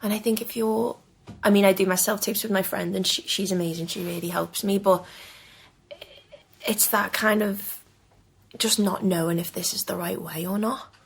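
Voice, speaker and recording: Husky young woman chatting casually. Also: mid-range voice, steady tone, normal speed. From Liverpool area, England. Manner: chatty, restarts, laughs easily. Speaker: guest actress. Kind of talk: casual interview chat.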